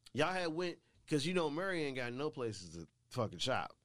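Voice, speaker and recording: A young man co-hosting a podcast, joking around in lively banter and retelling his own drinking stories. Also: mid-range voice, normal speed, no room sound. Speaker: podcast co-host. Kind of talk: casual banter.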